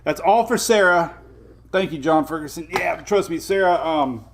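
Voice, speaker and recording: A chatty middle-aged man runs a relaxed morning weather show. He greets viewers one by one with an easy, friendly banter, and his speaking voice sits a little higher than most men's. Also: normal speed, slight background noise. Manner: chatty, greets viewers by name, chuckles often. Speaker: weather livestream host. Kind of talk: casual morning weather chat.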